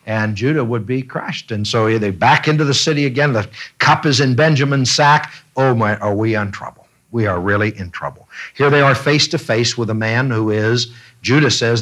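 A man leading a Bible study class, talking in an animated way and often repeating himself with fillers. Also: mid-range voice, normal speed.

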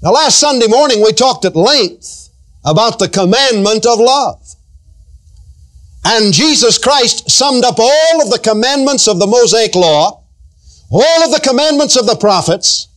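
A man preaching, his voice sitting high and swooping up and down with feeling. He draws out key phrases slowly and mimics everyday sayings to make his point. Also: animated, fairly bright tone. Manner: drawn-out emphatic preaching, acting out everyday quotes. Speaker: pastor. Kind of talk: sermon.

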